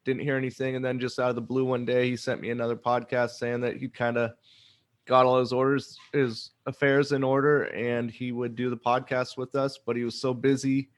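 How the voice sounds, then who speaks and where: A man's voice: mid-range voice, little pitch movement, brisk. A man hosting a podcast, chatting casually and rambling with frequent self-corrections. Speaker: podcast host. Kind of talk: casual chat. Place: Oregon.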